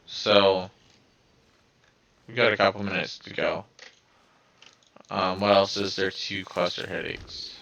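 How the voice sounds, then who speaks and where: Deep flat scratchy-voiced man. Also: takes it slowly, vocal fry, long pauses, muffled recording. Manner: hesitant, many fillers and restarts. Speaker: video creator. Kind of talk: casual vlog talk to viewers.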